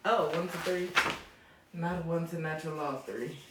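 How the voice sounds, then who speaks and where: A woman's voice: low voice, normal speed. A woman streaming at home, muttering half to herself as she works through homework problems. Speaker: vlogger and mother. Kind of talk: casual livestream chat. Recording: roomy echo, far from the mic, background noise.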